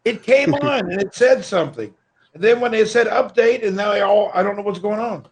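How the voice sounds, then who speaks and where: A man with a notably high voice chats on a video call. He grumbles and mutters his way through his remarks. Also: a little fast, breathy edge. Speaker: livestream guest. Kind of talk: casual video call chat.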